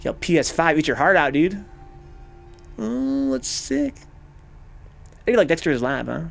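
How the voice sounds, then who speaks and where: A man streaming a video game, talking casually with animated, profane, rambling rants. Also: on the high side, unhurried, vocal fry, faint music behind. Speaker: gaming streamer. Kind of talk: casual let's-play commentary.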